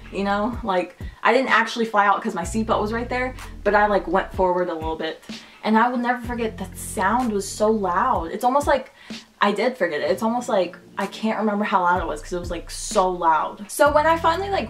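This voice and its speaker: A woman's voice: mid-range voice, fairly bright tone. A young woman telling a casual storytime, chatty and full of "like". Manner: chatty, heavy use of "like". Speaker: vlogger.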